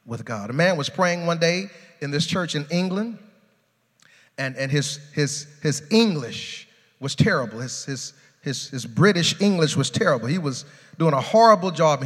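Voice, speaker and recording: A male pastor preaches with a high, bright, ringing voice, swinging from hushed low lines up to loud, climbing shouts. His words carry a long reverb through a large sanctuary. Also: slightly rough. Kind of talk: sermon.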